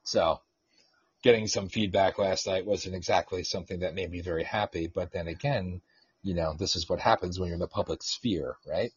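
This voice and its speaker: A man's voice: low voice, normal speed, slightly rough, no echo. A man hosting an independent radio show, ranting and teasing his co-host in casual, profane talk. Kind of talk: casual podcast rant. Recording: dull lo-fi sound.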